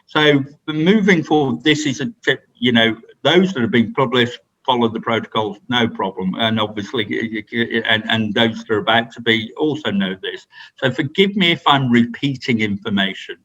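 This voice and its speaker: A man's voice: mid-range voice, moderate pace, fairly bright tone, rough recording. A man giving an unscripted training talk to colleagues, rambling with many restarts and fillers. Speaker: presenter at staff training.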